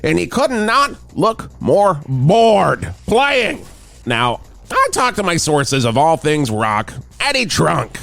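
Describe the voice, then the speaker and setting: A man doing a shouty, excitable radio traffic guy. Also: fairly high pitch, slow pace, gravelly, pitched above the performer's own voice, full character voice. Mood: hyped. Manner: loud and excitable, breaks into shouting. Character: hyped-up male radio traffic reporter, middle-aged. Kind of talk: comedic radio bit.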